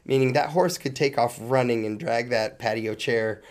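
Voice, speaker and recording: A man's voice: medium pitch, normal speed. A man co-hosting a podcast in casual chat, prompting his partner and musing in a conversational way. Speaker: podcast co-host.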